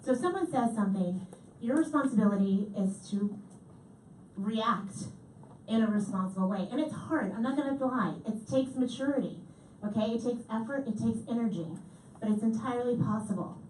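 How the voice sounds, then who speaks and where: Echoey keynote woman, lively and animated. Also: fairly high pitch, brisk. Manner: lively, animated, repeats audience answers. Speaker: keynote speaker. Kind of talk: comedic keynote talk. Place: large hall. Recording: echoey hall from far off, faint noise.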